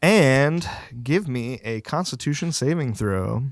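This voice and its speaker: A man's voice: medium pitch, expressive, slow. A man narrating a tabletop game as game master, laughing now and then.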